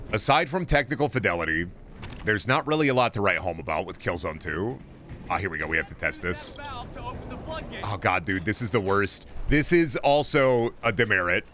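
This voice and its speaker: A man's voice: medium pitch, fairly bright tone, a little hiss or hum. Sarcastic, profane young man ranting over gameplay. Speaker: gaming streamer. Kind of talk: casual gameplay commentary.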